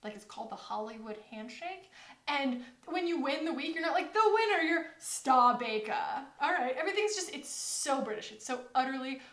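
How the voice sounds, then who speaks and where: A young adult woman from the United States chatting casually to camera as a vlogger, rambling and quoting people in animated asides. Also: high-pitched, brisk, echoey room. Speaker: beauty vlogger.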